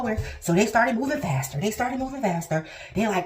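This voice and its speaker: Woman vlogger telling her story, kinda high voice, gets teary, swoops way up when quoting people. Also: animated, brisk, hardly any pauses. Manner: emotional, acts out quotes with big pitch jumps. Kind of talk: personal storytelling to camera.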